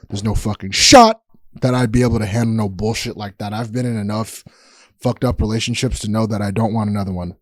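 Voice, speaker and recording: A man's voice: on the low side, fairly quick, dry recording. A man hosting a podcast, telling a story in a casual, rambling and profane way with sudden emphatic outbursts. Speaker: podcast host.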